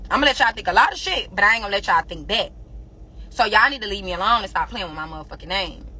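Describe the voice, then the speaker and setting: A woman's voice: mid-range voice, animated, bright, forceful tone, slightly rough. A young woman in an angry social media rant, defiant and profane, firing insults at her critics. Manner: rapid-fire insults directed at critics. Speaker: rapper addressing fans.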